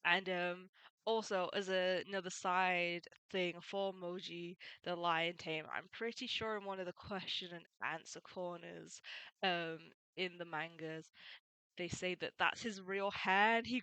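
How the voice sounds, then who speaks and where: A woman's voice: on the low side, fairly even intonation, a little slow, pushed and bright, clean tone, no room sound. A woman casually summarizing a comic volume in a chatty way, laughing often and quoting characters as she goes. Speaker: manga reviewer.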